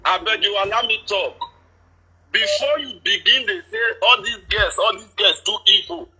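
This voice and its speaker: A man caller speaking Nigerian Pidgin, explaining things at length in a steady, detailed way. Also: high-pitched, moderate pace, slightly rough, poor audio. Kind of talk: casual chat.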